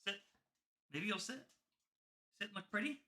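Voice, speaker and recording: A woman with a medium-pitched, bright, forceful voice speaks at a normal speed. Hosting a casual livestream where she opens trading cards, she chats in slang and coos baby talk at a dog.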